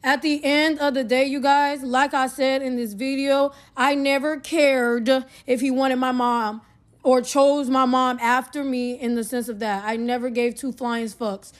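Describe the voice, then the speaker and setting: A woman's voice: high voice, level tone, a little slow. A young woman tells a personal story straight into her phone in a loose, rambling way. She talks in slang and keeps turning to her viewers directly. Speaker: TikTok storyteller. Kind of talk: casual storytime rant.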